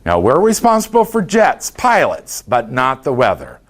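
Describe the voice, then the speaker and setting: A man's voice: medium pitch, wildly swooping pitch, normal speed, voice pushed up. A man quoting a patient airline agent. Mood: reassuring. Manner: patient and reassuring. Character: calm, helpful male airline ticket agent.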